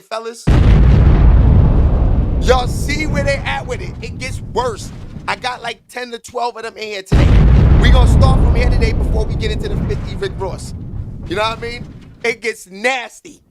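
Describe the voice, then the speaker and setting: A man's voice: extremely high pitch, steady tone, normal speed, loud music behind the voice. A man hosting a casual commentary vlog, talking in slangy, emphatic bursts and repeating catchphrases.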